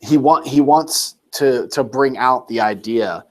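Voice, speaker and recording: A man's voice: mid-range voice, a little slow. A man tutoring a student one-on-one, explaining points patiently and with emphasis. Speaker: Greek tutor.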